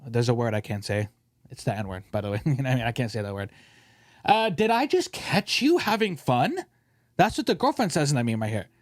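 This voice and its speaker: A man's voice: medium pitch, expressive, racing, darkish tone, dry recording, studio quality. A man hosting a casual podcast, ranting and joking with his co-host, often mimicking other people's voices.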